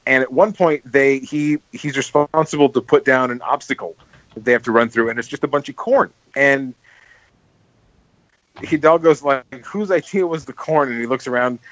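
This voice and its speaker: A man co-hosting a casual podcast, rambling through a story about an old comedy film and acting out its lines as he goes. His voice sits at a middle pitch, recorded dry with a slightly dull tone. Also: normal speed, no room sound. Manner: rambling, animated storytelling with quoted movie lines. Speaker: podcast co-host. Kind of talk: casual chat.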